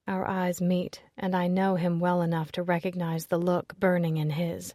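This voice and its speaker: A woman's voice: on the low side, level tone, normal speed, darkish tone, dry recording. Woman narrating a romance audiobook, dry close mic.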